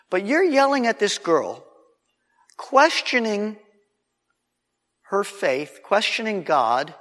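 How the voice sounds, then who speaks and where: A man tells a sermon story in an animated, conversational way, often restarting his sentences. His voice sits a little high for a man. A long hall reverb trails after his words. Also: takes it slowly, long pauses. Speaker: preacher.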